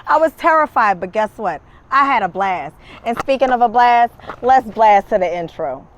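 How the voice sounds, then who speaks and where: A young woman, hosting a casual talk show in a bubbly, excitable way. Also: a little high, moderate pace. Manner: bubbly, excitable, laughs often.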